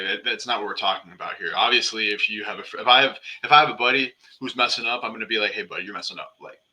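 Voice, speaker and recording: A man from western New York with a low voice that still sounds very bright and edged. He co-hosts a relaxed faith-focused chat and speaks earnestly, poking fun at himself. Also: poor audio. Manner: earnest, self-deprecating, humorous. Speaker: podcast co-host. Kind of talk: casual faith-based chat.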